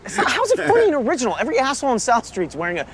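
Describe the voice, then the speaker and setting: An actor playing a snarky young man who needles his friend with sarcastic, quick jabs, in a TV comedy clip. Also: very high voice, wildly swooping pitch, a loud crowd, heavily acted. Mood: mocking.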